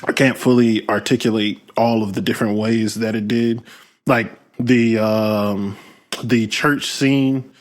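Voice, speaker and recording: A man hosting a casual film discussion podcast, talking thoughtfully with many pauses and fillers. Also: on the low side, fairly even intonation. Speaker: podcast host.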